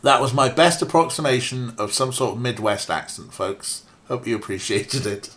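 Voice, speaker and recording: A man's voice: medium pitch, normal speed, fairly bright tone. A man casually playing a point-and-click game, reading its text aloud with wry, self-mocking remarks. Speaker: let's play streamer.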